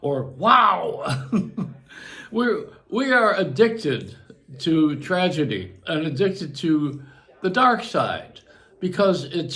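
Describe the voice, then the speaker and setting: Older male host with a slightly high voice, loose, self-mocking monologue. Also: fairly bright tone. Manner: chatty, self-mocking, laughs at his own jokes. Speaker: radio and broadcast host. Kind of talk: casual rambling monologue.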